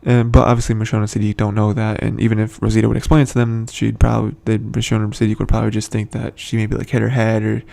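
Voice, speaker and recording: Gravelly man rambling through a recap. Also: lowish voice, monotone, fast, hardly any pauses, a little mellow. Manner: rambling, frequent fillers and restarts; chuckles between points. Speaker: show commentator. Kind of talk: casual episode recap.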